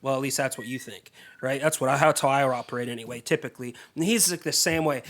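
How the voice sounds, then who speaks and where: A man preaching a sermon, telling the story in a casual, lively way and acting out the characters' voices. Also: medium pitch, fast talker. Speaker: pastor.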